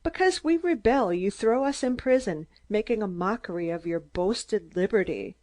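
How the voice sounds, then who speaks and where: A woman reading an audiobook, voicing a shrill, excitable small man who rants in staccato outbursts. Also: normal speed, close to an everyday voice. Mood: indignant.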